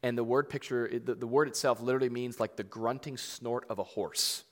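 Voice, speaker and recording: A man preaching to a congregation with loose, chatty phrasing and lots of "like" and "you know". His voice sits at an ordinary middle pitch. The sound carries a long reverb tail from a large hall. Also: fairly even intonation, brisk. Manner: conversational preaching, filler-heavy and emphatic. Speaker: pastor. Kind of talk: sermon.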